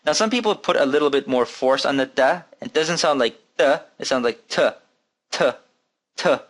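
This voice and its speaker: A man's voice: mid-range voice, animated, a little fast. A man teaching an Arabic reading lesson, patiently repeating letter sounds and asking students to follow along. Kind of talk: recorded language lesson.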